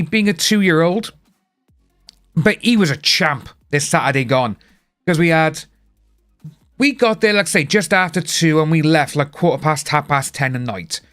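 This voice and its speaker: A man's voice: a little high, a bit bright, clear, resonant tone. A young British man chatting casually on a live stream, rambling and greeting viewers by name. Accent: British English. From United Kingdom.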